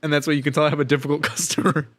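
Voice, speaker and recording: A young man co-hosting a casual podcast, telling profane, animated stories about annoying customers. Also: fairly high pitch, rapid-fire, a little hiss or hum. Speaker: podcast co-host. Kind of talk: casual chat, storytelling.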